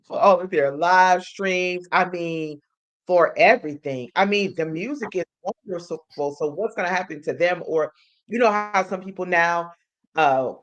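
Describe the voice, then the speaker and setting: A woman co-hosting a live stream, talking casually and thinking aloud as she goes. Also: fairly low pitch. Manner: rambling, thinks aloud with um and you know. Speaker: co-host.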